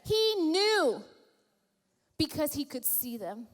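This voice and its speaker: A woman's voice: high voice, big pitch swings, slow, in a large hall, faint music behind. A woman pastor preaching a sermon, telling the story playfully and driving points home with emphatic repetition. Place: church hall.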